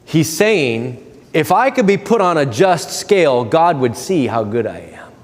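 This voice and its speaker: A man preaching a sermon as pastor, earnest, swinging from loud, lively quoted asides to low, hushed emphasis. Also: measured pace, long reverb tail. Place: church sanctuary.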